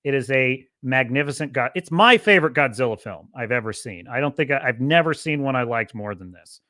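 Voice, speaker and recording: Bright-voiced guy ranting about movies, swears a lot, dry close sound. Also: mid-range voice, expressive, a little fast, dry recording. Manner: impassioned, profane ranting. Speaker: podcast host. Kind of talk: casual movie commentary.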